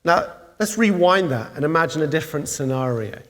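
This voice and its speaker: Male preacher, animated storyteller, high-pitched, with a long reverb from the church. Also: fairly quick. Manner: animated storytelling, rising to excited peaks. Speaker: pastor. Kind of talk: sermon.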